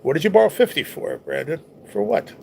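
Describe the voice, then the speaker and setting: A man's voice: fairly high pitch, sing-song, fairly quick, vocal fry, a little mellow, a little hiss or hum. A man hosting a casual livestream, chatting in a rambling way and reacting to viewers' messages. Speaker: livestream host reading chat. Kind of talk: casual chat.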